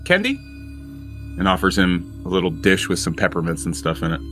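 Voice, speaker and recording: A man narrating a tabletop game as game master, describing scenes slowly with frequent "um"s. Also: deep voice, level tone, a bit bright, faint music behind.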